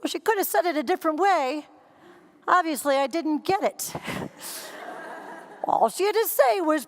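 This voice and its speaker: Woman, keynote speaker, high voice, comic storytelling, animated, acts out scenes, live audience. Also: normal speed, pauses often. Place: conference stage before a live audience.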